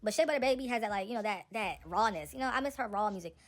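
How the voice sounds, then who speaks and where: A woman's voice: mid-range voice, animated, racing. A woman hosting a celebrity gossip channel, giving casual, sassy and opinionated commentary straight to her viewers.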